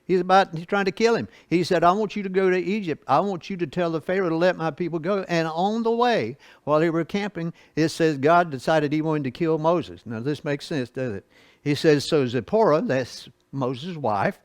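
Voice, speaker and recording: A man teaching a Bible study lesson, reading scripture slowly and explaining it in a folksy way with asides and chuckles. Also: on the high side, dry recording.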